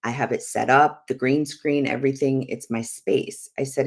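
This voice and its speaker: A woman's voice: rumbling low, moderate pace, hardly any pauses. A middle-aged woman minister teaching through a personal story, acting out the quotes with frequent laughter. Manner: lively storyteller, acts out quotes, laughs often.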